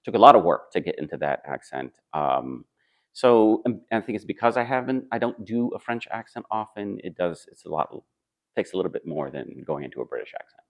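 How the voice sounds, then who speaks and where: A stage actor with a voice that sits low answers interview questions in a relaxed, thoughtful way. He pauses often, uses fillers, and restarts his sentences.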